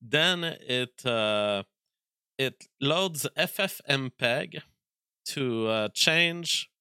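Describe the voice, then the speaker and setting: A man with a French accent hosting a live stream, reading viewer messages and thinking aloud in a halting, stop-start way. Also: medium pitch, expressive, pushed and bright, smooth, dry recording, clean studio sound. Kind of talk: casual live-stream chat.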